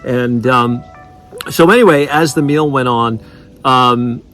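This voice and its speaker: Halting man sharing a testimony. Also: mid-range voice, fairly bright tone, soft background music. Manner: halting, full of fillers and restarts. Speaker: ministry leader. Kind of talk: casual spoken testimony.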